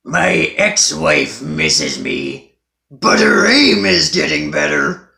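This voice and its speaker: Gravelly sinister old grump. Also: male voice, wildly swooping pitch, slow pace, pushed and bright, exaggerated voice. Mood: sardonic. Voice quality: gravelly, low and raspy. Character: sinister cranky old man, dark emperor crossed with a con-man uncle. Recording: roomy echo.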